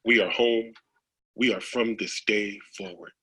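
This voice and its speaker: A man reading a poem aloud in turns, with a measured, reciting delivery. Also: on the low side, fairly even intonation, sharp tone, husky, poor audio. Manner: measured, reciting lines in turn.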